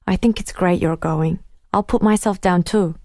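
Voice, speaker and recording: A woman voicing a warm, encouraging teenage girl who reassures her friend. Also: fairly low pitch, steady tone, normal speed, dry recording, studio quality, lightly acted. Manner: reassuring, supportive.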